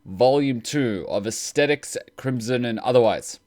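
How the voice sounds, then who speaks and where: A man's voice: medium pitch, measured pace, darkish tone. A man hosting a game playthrough, reading the on-screen text aloud and chatting with viewers, stalling with fillers as he improvises voices. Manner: reads narration, then rambles and stalls while improvising voices. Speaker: let's play host. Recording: game music behind voice.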